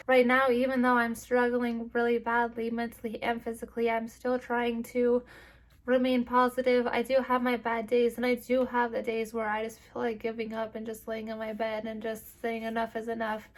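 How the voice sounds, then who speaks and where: A young woman speaks in a slightly high voice, close to tears and catching her breath between phrases. Her talk is halting and filled with "like" and restarts, in a personal vlog to camera. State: tearful and short of breath. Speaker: vlogger.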